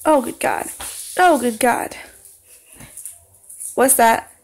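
A young woman playing a horror game, talking to the screen, singing along and yelling when scared. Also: high voice, lively intonation, normal speed, vocal fry. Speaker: gaming channel host. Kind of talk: horror game let's play commentary.

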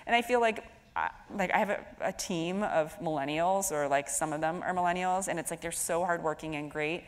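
A woman in her thirties hosting a stage conversation, talking in a lively, filler-heavy, storytelling way. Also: lowish voice, brisk. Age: 30s. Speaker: host moderating a stage conversation. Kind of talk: chatty onstage conversation. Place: stage of a live event in a hall. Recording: echoey hall with faint noise.

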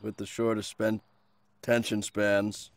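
A man voicing a blunt, self-serving middle-aged coach who rambles and pushes in a deadpan way. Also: fairly low pitch, slow, no echo.

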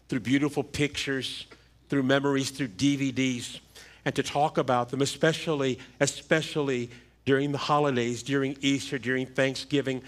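Middle-aged male pastor, funeral sermon, mid-pitched voice, slow halting repeats, church mic. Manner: measured, halting delivery with repeated words. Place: church sanctuary. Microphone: livestream church microphone.

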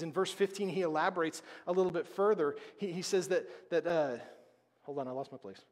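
Man pastor, conversational emphatic sermon, slightly high voice, long church reverb. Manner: conversational, emphatic preaching with dramatic pauses. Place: church sanctuary.

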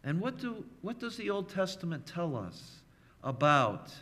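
A man preaching a sermon as pastor, emphatic and measured, leaning on repeated phrases. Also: high voice, big pitch swings, fairly bright tone. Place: church sanctuary. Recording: long reverb of a church hall.

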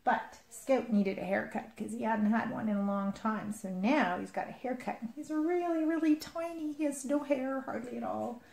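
Casual woman educator, mellow and a touch high, roomy echo, faint hiss. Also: moderate pace, creaky, hardly any pauses. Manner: chatty, with fillers like "like" and "kinda". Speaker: early years educator. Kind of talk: casual talk and singing to children.

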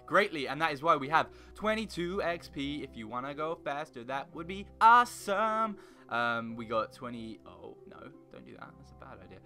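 Goofy rambling young man, bright voice. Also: sing-song, moderate pace. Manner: rambling, goofy, bursts into loud high singing and silly noises. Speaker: gaming YouTuber. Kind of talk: casual Minecraft let's play commentary. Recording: faint guitar music behind.

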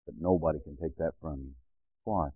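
A man preaching a sermon, leading a congregation in a repeat-after-me covenant prayer in a measured, solemn cadence. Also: a bass voice, slightly rough, phone-quality sound. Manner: leads repeat-after-me prayer, then shouts praise and speaks in tongues.

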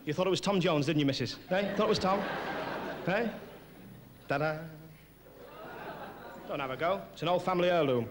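A man doing a stand-up comedy routine as compere, with cheeky quick-fire jokes. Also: high-pitched. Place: large theatre stage. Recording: noisy old video tape with audience. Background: audience laughter.

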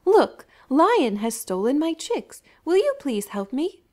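A woman's voice: high-pitched, big pitch swings, takes it slowly, darkish tone, voice pushed up, heavily acted. A woman voicing a worried mother ostrich in a children's storybook, pleading in a raised voice.

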